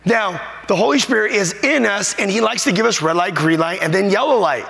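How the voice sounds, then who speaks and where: A man's voice: high-pitched, brisk, creaky, fairly bright tone. A man preaching a sermon as a pastor, emphatic and repetitive, at times choked up with emotion. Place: church sanctuary. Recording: long hall reverb.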